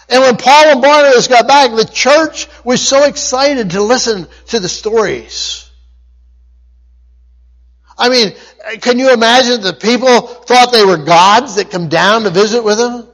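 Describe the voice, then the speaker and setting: A man's voice: extremely high pitch, a bit bright, poor audio. A man preaching a sermon, repeating key phrases for emphasis and often restarting his sentences. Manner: emphatic repetition, frequent restarts and stumbles.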